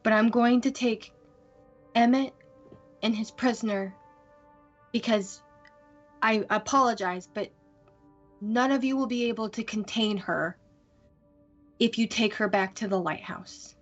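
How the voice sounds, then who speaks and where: A woman's voice: fairly high pitch, dull audio, soft background music. A woman voicing a formal, composed council envoy. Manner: polite and measured.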